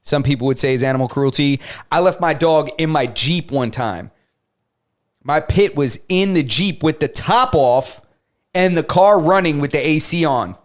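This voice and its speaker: A man's voice: fairly high pitch, moderate pace. A man co-hosting a casual podcast, telling a long story and acting out both sides of the argument. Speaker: podcast co-host. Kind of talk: casual chat.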